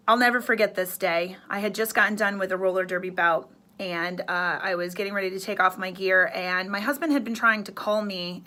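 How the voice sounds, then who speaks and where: Earnest, emotional woman with a bright voice. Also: mid-range voice. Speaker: radio host. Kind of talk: personal story to camera.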